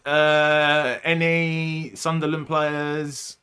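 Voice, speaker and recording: Bright-toned man hosting a chat. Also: a little high, expressive, moderate pace. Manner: chatty, laughing, teasing. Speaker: podcast host. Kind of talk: casual podcast chat.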